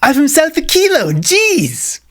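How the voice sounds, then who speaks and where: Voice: sits high, huge pitch swings, unhurried, a bit bright, pitched above the performer's own voice, full character voice. A man voicing a pompous male character who calls himself a game master, speaking in a ridiculous put-on accent. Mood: indignant.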